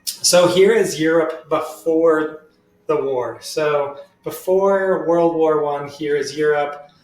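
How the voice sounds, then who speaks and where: A man's voice: a little high, slow pace, darkish tone, distant mic, faint music behind. A young man teaching a history lesson in a casual, slangy, chatty way. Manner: laid-back, slangy, chatty. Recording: roomy sound from away from the mic.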